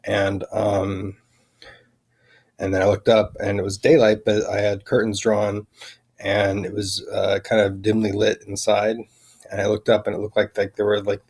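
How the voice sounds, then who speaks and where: A man vlogging a rambling personal account, halting and full of fillers and restarts. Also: fairly low pitch, vocal fry, darkish tone, slightly rough.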